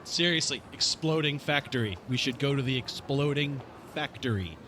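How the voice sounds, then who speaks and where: A man playing in a tabletop game, talking earnestly and quickly in character. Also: medium pitch, noisy background. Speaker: player. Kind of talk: casual tabletop role-play.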